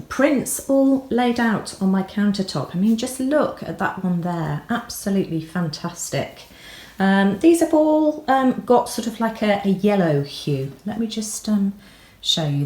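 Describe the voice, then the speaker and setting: A woman narrating a craft project in her home kitchen, chatty and full of ums, gushing with excitement as she works. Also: medium pitch, rough recording. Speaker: crafts vlogger. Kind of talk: casual how-to narration.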